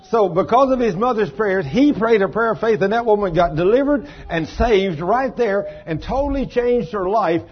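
A man preaches, telling a testimony in a folksy, animated style. His voice is fairly high and husky, and he slips into the voices of the people in the story. The recording sounds dull and lo-fi. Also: normal speed, few pauses. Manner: folksy, animated, acts out voices and shouts for emphasis.

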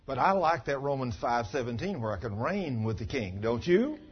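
A man's voice: mid-range voice, sing-song, normal speed, breathy edge. A man preaching a sermon, emphatic and full of rhetorical questions, often acting out remembered conversations. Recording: dull lo-fi sermon recording.

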